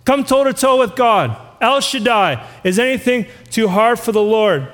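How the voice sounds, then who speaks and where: A man with a strikingly high voice preaches a sermon. He reads scripture aloud and keeps putting questions to his listeners. His voice rings with a long reverb in a church hall. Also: lively intonation, normal speed, a bit bright. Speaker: pastor.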